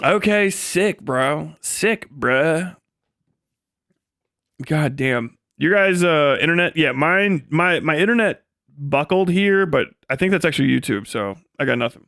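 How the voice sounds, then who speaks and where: A man's voice: fairly high pitch, expressive, unhurried, fairly bright tone. A man streamer ranting live, profane and mocking, often breaking into laughter as he riffs and acts out quoted voices. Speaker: livestreamer. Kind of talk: live stream commentary rant.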